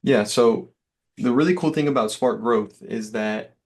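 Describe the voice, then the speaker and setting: A man's voice: mid-range voice, unhurried, darkish tone. A man giving an easygoing, reassuring sales demo over a call, with lots of fillers. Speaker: software sales rep.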